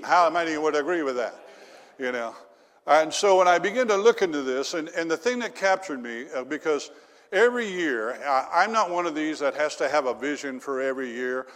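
A male pastor preaching in a folksy, storytelling way, with lots of fillers and questions to the congregation. His voice sits a little high for a man. Long reverb from a large church hall hangs behind every line. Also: fairly bright tone. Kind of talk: sermon.

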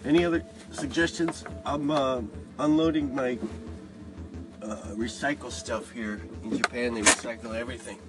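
A man's voice: medium pitch, poor audio. A man in his fifties talking casually while driving, playfully chanting word games. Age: 50s. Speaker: podcast host. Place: car with the window open. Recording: loud wind and road noise. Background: wind and traffic noise.

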